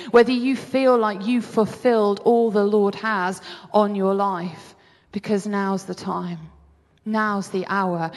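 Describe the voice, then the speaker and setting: A woman preaching, telling a personal story with animated acted-out reactions. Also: mid-range voice, big-room sound. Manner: animated storytelling, acts out her own reactions.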